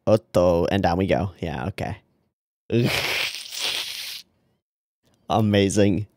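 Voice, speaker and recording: This anime reaction host has a low, darkish voice and speaks slowly, swearing often, laughing and talking back to the screen as he reads its lines aloud. The casual commentary is recorded dry, at studio quality.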